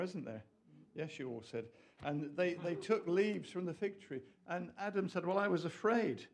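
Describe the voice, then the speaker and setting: A man preaching a lively, jokey sermon, with asides to his audience. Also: a little high. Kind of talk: lively sermon to a small group.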